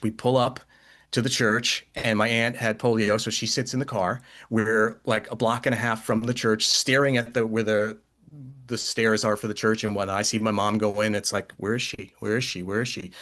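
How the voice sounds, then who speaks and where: A man's voice: on the low side, fairly bright tone. A man telling a personal story in casual talk, rambling and acting out the voices of people he quotes. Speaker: podcast guest, author.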